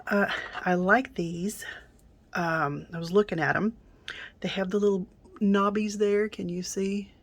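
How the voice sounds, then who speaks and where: A middle-aged woman reviewing and unboxing a craft kit in a casual, chatty way, with many ums and soft asides. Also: mid-range voice, fairly even intonation, a little slow, no echo.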